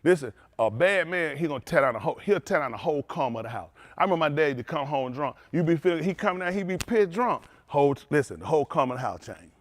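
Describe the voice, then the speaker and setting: A man preaching a sermon as pastor, telling stories with lively calls out to his congregation. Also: fairly high pitch, fast talker, hardly any pauses, a little hiss or hum.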